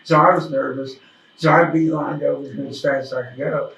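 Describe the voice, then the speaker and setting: A man hosting a casual interview, folksy and self-deprecating, a little hoarse from a cough. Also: on the high side, fairly even intonation, brisk, fairly bright tone, muffled recording. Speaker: host. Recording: echoey room, mic at a distance.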